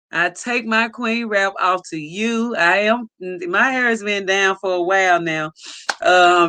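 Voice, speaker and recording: Brief: woman host, bright, unhurried delivery, dry close mic, warm shout-outs to chat. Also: medium pitch, no echo. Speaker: livestream host. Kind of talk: casual livestream greeting viewers.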